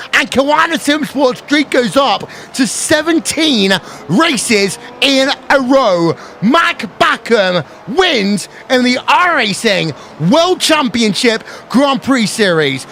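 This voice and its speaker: A man giving fast, excitable play-by-play commentary on a sim race, building to shouts at the finish. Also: extremely high pitch, slight background noise.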